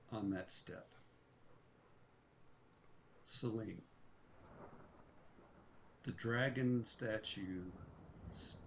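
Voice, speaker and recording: A man running a tabletop game as game master, narrating scenes in a measured way with fillers. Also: lowish voice, a little hiss or hum. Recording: music playing clearly behind.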